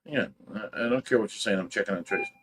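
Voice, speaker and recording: A man's voice: on the low side, wildly swooping pitch, quick pace, a bit bright, a little hiss or hum. A tired man with an Ohio accent hosting a fish rescue livestream, blunt and defensive as he rants. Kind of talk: casual livestream chat.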